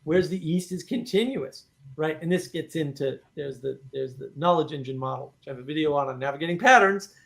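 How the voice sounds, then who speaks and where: High-pitched guy hosting a chat, animated, keeps tossing in "right?". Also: fairly quick, gravelly. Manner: animated, talks in bursts with many "right?" asides. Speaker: host. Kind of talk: casual discussion.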